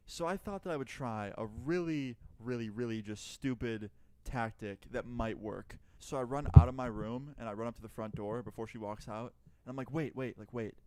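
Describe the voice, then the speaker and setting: Man, casual storyteller, mellow warm tone, dry close sound, chatty, swears freely, plays both sides of the conversation. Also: lowish voice, clean tone, no room sound. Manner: chatty, profane, acts out both sides of dialogue.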